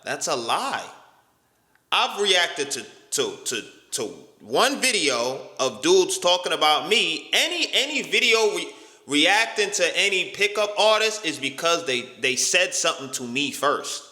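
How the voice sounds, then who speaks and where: An exasperated young man talks back to a video about himself, incredulous and full of swearing. His voice is bright and jumps around a lot. The room is echoey, with a long reverb tail. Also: a little high, big pitch swings, unhurried. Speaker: YouTuber reacting to a critic's video. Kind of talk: casual reaction commentary.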